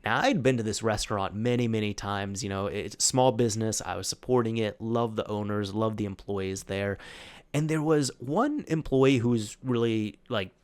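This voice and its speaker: A man's voice: fairly low pitch, moderate pace. A young man hosting a solo talk show, telling a story casually with many restarts and fillers. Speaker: host.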